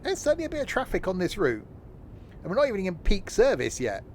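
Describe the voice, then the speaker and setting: A man's voice: high voice, huge pitch swings, fast, darkish tone, a little hiss or hum. A man chatting casually as a gaming streamer while he plays a train simulator, joking at his own expense and laughing often. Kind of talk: casual chat while playing a train sim.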